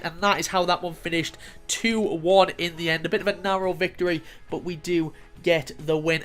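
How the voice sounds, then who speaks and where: A man casually commentating over his own football video game highlights, getting loud and excited on chances and goals. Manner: swears casually, chuckles at his own replays. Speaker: gaming YouTuber.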